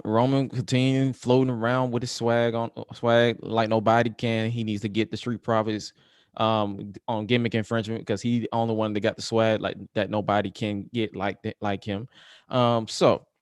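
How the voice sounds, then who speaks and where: A man giving an animated casual recap of a match, acting out the scenes he describes. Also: mid-range voice, no echo, studio quality. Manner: acts out scenes with exaggerated quoted voices. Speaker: wrestling show co-host.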